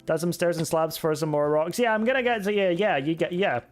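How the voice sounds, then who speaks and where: A young man with a Scottish accent chats his way through a live game stream, picking up viewer comments and laughing at himself. His voice sits a touch higher than most men's, with soft music playing faintly underneath. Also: brisk. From Scotland. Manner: chatty and self-mocking, reads chat messages aloud and answers them. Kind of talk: casual live-stream chat while gaming. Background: faint background music.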